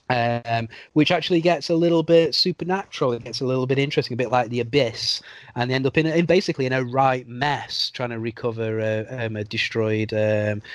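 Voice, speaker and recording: A man talks as a podcast guest, eager and full of restarts and fillers. His voice is mid-pitched and sits dry and close, with no room sound. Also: dry recording. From England. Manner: enthusiastic, rambling with many restarts. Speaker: screenwriter guest. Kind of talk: podcast interview.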